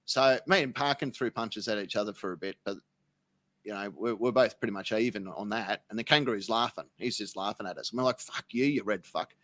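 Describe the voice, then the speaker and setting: A man's voice: fairly low pitch, a little fast, dry recording. Swearing Australian man, dry sound. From South Melbourne, Australia. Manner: swearing, deadpan tall tales. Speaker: interview guest. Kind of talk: casual podcast chat.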